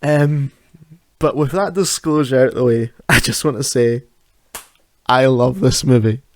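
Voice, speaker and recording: Guy rambling on his podcast at home, laughing and tripping over his words, middle pitch. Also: measured pace, darkish tone. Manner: chatty, laughs often, restarts sentences. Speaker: podcast host. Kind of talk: casual solo podcast chat. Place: home at night.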